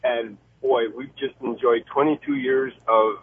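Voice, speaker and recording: A man's voice: mid-range voice, fairly even intonation, measured pace, dry recording. A man in his forties calling in to a radio show, telling his story in a friendly, chatty way. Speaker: caller. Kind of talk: casual call-in story. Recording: husky tinny phone line.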